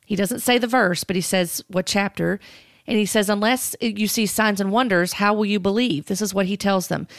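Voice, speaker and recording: Female commentator, gravelly, dry close sound, calm and careful. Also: medium pitch, no room sound. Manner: measured, cautioning, with fillers. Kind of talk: critical commentary.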